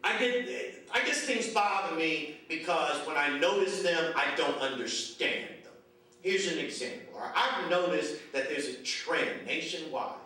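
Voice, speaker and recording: A man's voice: fairly high pitch, lively intonation, a little slow, bright, forceful tone, very echoey, far from the mic. A man doing a stand-up comedy set at a memorial show, ranting in a profane, grumpy way.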